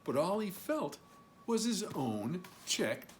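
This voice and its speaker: Guy reading a kids story aloud, high voice that swoops all over, takes his time, faint noise behind. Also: slow. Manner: expressive, lively storytelling voice. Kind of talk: reading a picture book aloud.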